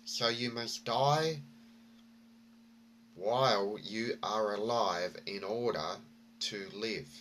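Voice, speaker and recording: A man voicing a wise male parrot in a story he tells, measured and slow. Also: on the low side, a bit bright, a little hiss or hum. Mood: earnest.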